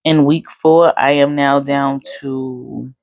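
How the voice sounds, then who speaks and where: A woman's voice: rumbling low, fairly even intonation, slow pace, darkish tone, no room sound, muffled recording. A young adult woman vlogging casually, chatty with lots of fillers. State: hiccups. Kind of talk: casual chat.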